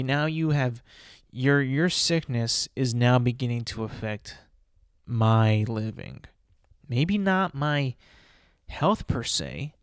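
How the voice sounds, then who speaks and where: A young man hosting his own podcast, venting at length with a loose run of fillers, "right?" and rhetorical questions. His voice sits at an ordinary middle pitch. It is recorded close and dead dry, with no room sound. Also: clean tone, no echo. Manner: exasperated ranting, many fillers and rhetorical questions. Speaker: podcast host. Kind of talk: solo podcast rant.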